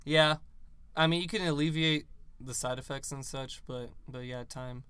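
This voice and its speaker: A man's voice: medium pitch, fairly even intonation, normal speed, sharp tone, smooth, no room sound. A young man co-hosting a casual podcast chat, joking and cursing freely, his voice a little strained from screaming at a concert the night before. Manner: joking, profane, laughs often. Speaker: podcast co-host.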